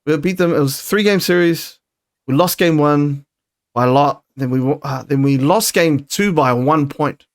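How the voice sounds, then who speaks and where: A young New man hosting a relaxed chat, his fairly high voice bouncing along as he tells a story. He swears casually and keeps the energy loose. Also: normal speed. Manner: swears freely, animated storyteller. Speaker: podcast host.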